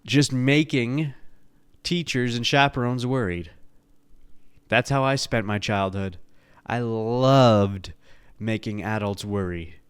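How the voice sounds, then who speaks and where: A man from the Bronx spins a childhood story on his podcast with loose, profane energy, breaking into laughter. His voice is smooth and resonant at a middling pitch. The sound is close and dry, with no room around it. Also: a little slow, no echo. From the Bronx, New York. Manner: animated, profane, laughing at his own stories. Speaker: podcast host. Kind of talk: casual storytelling.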